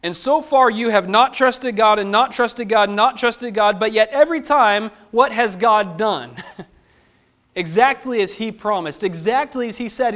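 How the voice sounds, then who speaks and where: A man's voice: extremely high pitch, fairly bright tone. A man preaching a sermon, who asks the listeners questions and acts out the lines of the people he quotes.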